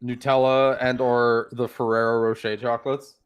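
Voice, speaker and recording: A man's voice: mid-range voice, little pitch movement, normal speed, clean tone. Chill guy co-hosting, rambly, keeps losing his train of thought. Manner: rambling, loose, trails off. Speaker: podcast co-host. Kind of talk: casual chat.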